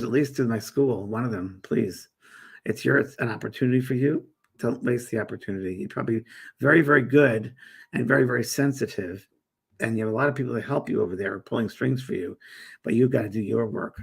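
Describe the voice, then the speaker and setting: A man's voice: mid-range voice, gravelly, breathy edge. A middle-aged man hosting a live spiritual chat show, rambling casually as he reads viewer comments aloud and answers them. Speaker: host and medium.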